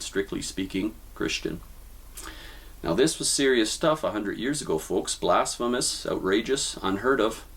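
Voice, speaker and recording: Emphatic male lecture host with a lowish voice who talks straight to his viewers and hammers his points home. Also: breathy edge. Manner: emphatic, repeats key points, addresses viewers as folks. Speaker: video essay host. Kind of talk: spoken literary lecture.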